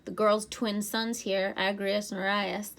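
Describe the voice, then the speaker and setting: A woman voicing a smooth, scornful teenage boy villain in a storybook reading, with a mocking, persuasive manner. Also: medium pitch, little pitch movement, unhurried, a bit bright. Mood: taunting.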